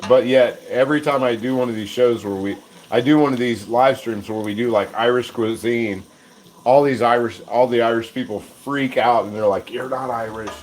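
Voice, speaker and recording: The audio here is poor, carrying a little hiss or hum. The speaker, an American man with a medium-pitched, darkish voice at normal speed, hosts a live cooking stream. He chats casually and self-deprecatingly, rambling and chuckling often.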